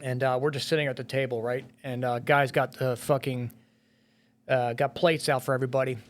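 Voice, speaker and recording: A middle-aged firefighter and police officer telling a painful rescue story in a podcast interview, blunt and full of swearing. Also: male voice, medium pitch, little pitch movement, fairly quick. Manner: blunt and profane, heavy swearing and filler words.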